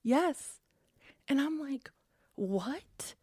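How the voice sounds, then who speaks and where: A woman's voice: medium pitch, fairly quick, dry recording, clean studio sound. A woman guest on a podcast, telling her own story in casual chat and acting out what others said. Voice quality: acts out quoted dialogue. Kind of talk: animated personal storytelling.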